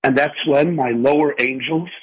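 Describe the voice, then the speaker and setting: Emphatic rabbi with a husky voice on radio. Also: male voice, medium pitch, normal speed, highs cut off. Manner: emphatic, builds lists for effect. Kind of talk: radio talk, earnest explanation.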